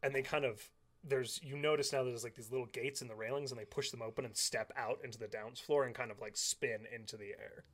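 A man's voice: mid-range voice, steady tone, quick pace, fairly bright tone. A man narrating a tabletop game as game master, describing scenes with many fillers.

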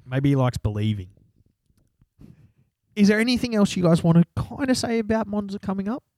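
A man's voice: sits high, big pitch swings, fairly quick, darkish tone, dry recording. A man, co-hosting a podcast in casual chat and laughing often as he banters. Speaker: podcast co-host.

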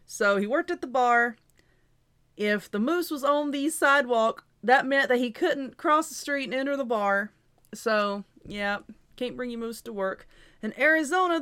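A woman's voice: on the high side, a bit bright. Chatty woman reading aloud. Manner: chatty, laughs between items, reads aloud with asides. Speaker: host. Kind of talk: casual chat reading an article.

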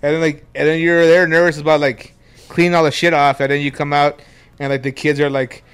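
A man's voice: on the high side, flat delivery, brisk, clean tone. A man, co-hosting a casual podcast and telling crude, laughing stories about his kids. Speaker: podcast co-host. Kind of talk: casual chat.

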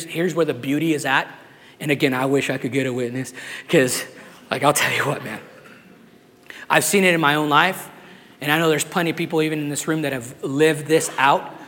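A man, a pastor, delivering an impassioned sermon to a live congregation, building up to shouts and often restarting phrases. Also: on the high side, big-room sound. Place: church sanctuary with a live congregation.

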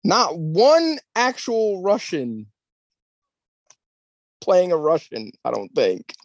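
A man's voice: high voice, huge pitch swings, slow, no echo. A man co-hosting a podcast in casual chat, arguing his point and laughing often.

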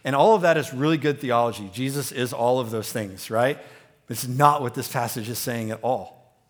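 A man preaching a sermon as pastor, talking conversationally with many fillers and restarts, growing animated as he goes. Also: medium pitch, moderate pace.

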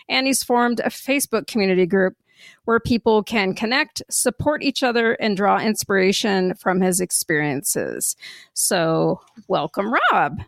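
A woman's voice: mid-range voice, dry recording. Dry-sounding American woman podcast host. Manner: bright and warm, laughs often. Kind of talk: scripted intro then casual chat.

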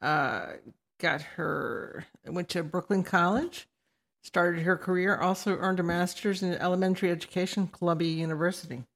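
A woman's voice: on the low side, fairly even intonation, normal speed. A woman co-hosting a casual podcast, chiming in with short remarks and agreement. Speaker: podcast co-host. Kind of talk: casual chat.

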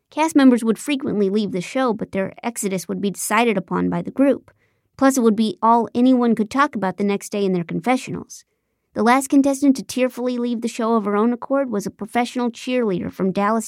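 Audiobook narrator, woman; dry, deadpan comic read, close and dry sound. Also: a little high, a little fast, no room sound. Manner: wry, deadpan, sarcastic. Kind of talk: first-person comic narration.

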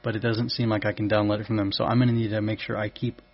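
A man narrates a storybook in a low, husky voice with a measured pace. The recording sounds dull and lo-fi. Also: little pitch movement. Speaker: podcast host and author. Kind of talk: storybook audiobook reading.

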